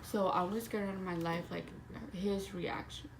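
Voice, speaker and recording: A young woman in a vlog tells a story about her own life in a loose, chatty way. Her voice sits at an ordinary middle pitch, and she swears easily and leans on "like" constantly. A steady hiss of background noise runs under the recording. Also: normal speed. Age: young adult. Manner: casual, profane, heavy use of "like". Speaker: vlogger.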